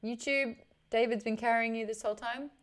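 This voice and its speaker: A woman's voice: fairly high pitch, fairly even intonation, brisk. A young adult woman, chatting casually with viewers on a live stream, greeting the chat and laughing often.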